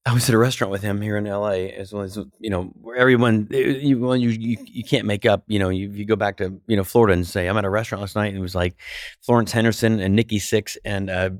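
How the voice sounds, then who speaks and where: A man's voice: quick pace, no room sound, clean studio sound. A man in his fifties, a comedian guest telling stories in a casual interview, acting out quotes with big jumps in his voice. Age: 50s. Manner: animated, acts out quotes with jumps in pitch.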